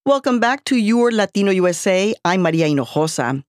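A woman hosting a radio show, reading scripted links in a lively way with Spanish phrases mixed in. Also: medium pitch, a little fast, faint music behind.

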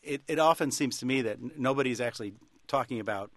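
A man being interviewed on radio about his book, joking wryly and deadpan, with halting restarts. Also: medium pitch, no echo. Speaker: author guest.

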